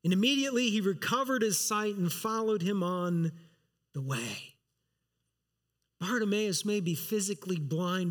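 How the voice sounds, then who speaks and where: A man with a strikingly high voice delivers a sermon as pastor. He preaches earnestly, reading scripture aloud and pressing each point with emphasis. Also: fairly bright tone.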